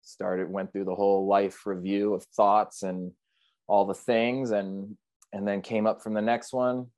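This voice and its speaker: Low-voiced man retelling with earnest feeling. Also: little pitch movement, measured pace, darkish tone, no room sound. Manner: vivid, earnest, reflective retelling. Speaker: podcast guest, big wave surfer. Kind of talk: emotional storytelling in an interview.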